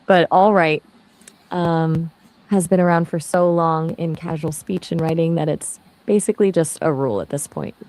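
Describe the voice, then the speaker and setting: A woman's voice: deep voice, steady tone, normal speed, a little mellow. A synthetic woman's voice answering questions as a conversation partner, in a breezy, chatty explaining manner.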